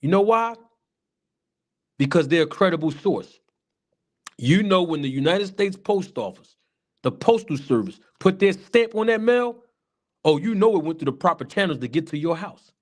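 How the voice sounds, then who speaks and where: Male streamer, high-pitched, repetitive conversational commentary aimed at chat. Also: animated, moderate pace, pauses often. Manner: chatty, repetitive, addresses chat viewers. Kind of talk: casual livestream commentary.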